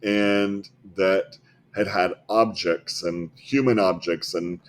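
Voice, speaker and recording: A man with a very low voice and faint hiss behind him tells patient stories as a guest. He is earnest and often repeats a word before going on. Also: fairly even intonation, slow. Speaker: health clinic founder, interview guest. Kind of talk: storytelling in a podcast interview.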